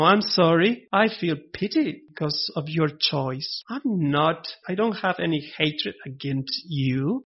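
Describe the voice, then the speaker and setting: A man preaching a sermon with impassioned emphasis, swinging between forceful stresses and quieter passages. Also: high voice, lo-fi sound.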